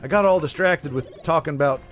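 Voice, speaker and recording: Faint music plays behind a man in Texas who is live-streaming a game and chatting with viewers in a rambling, self-correcting way full of jokes. His voice is on the high side and a little fast.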